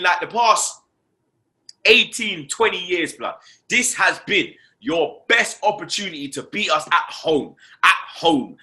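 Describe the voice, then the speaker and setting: A man hosting a casual football fan show, ranting in an animated, slangy way, swearing and firing off "you understand" and "blood.". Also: high-pitched. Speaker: host.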